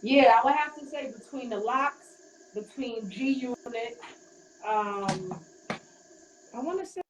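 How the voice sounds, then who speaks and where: A woman rapper from Queens, New York, chatting casually in an interview with a relaxed, rambling manner and many fillers. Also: on the high side, measured pace. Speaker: rapper guest. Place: hotel room while getting ready. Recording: roomy, distant, faint background noise.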